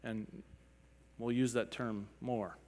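A man teaching music, explaining beats and counting and humming examples aloud as he goes, now and then clearing his throat. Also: medium pitch, flat delivery, takes it slowly, darkish tone. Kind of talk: spoken lecture with sung examples. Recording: long reverb, hall-like.

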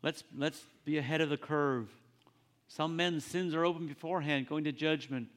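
Male preacher, earnest and halting, somewhat raised pitch, long hall reverb. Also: fairly even intonation. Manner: earnest, halting, repeats phrases. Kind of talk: sermon.

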